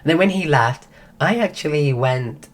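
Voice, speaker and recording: A woman's voice: low-pitched, lively intonation, normal speed. A woman streaming, telling a rambling story in casual chat while losing her voice. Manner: rambling, full of restarts.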